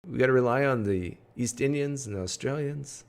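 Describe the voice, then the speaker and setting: A man hosts a livestream from home, chatting casually and answering viewers' comments aloud. His medium-pitched voice is a little fast and creaky.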